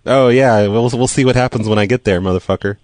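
An American man playing a rude pizza cook in a prank call, talking deadpan and brash. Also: medium pitch, fast, dry recording, lightly acted. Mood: mock earnest. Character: crude prank-calling male pizza cook.

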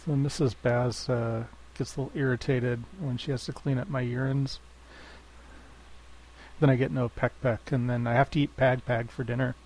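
A man's voice: mid-range voice, little pitch movement, normal speed, darkish tone, slight background noise, poor audio. A man hosting prank calls, chatting in a crude, joking way and laughing easily. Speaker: prank call host. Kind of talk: casual prank call banter.

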